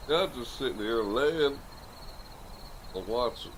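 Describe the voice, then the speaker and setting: A man's voice: mid-range voice, a little slow, slight background noise. A man live-streaming from his bedroom, chatting casually and repetitively to viewers while lying on his bed, with his microphone gain turned all the way up. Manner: rambling, repetitive, animated, often yelling to chat. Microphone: desk mic with gain turned all the way up.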